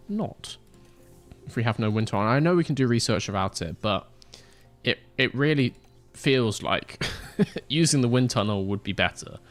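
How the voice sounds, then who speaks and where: Animated joking male game streamer. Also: medium pitch. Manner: animated, joking banter, mock outrage. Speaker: streamer playing a racing management game. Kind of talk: casual live-stream chat.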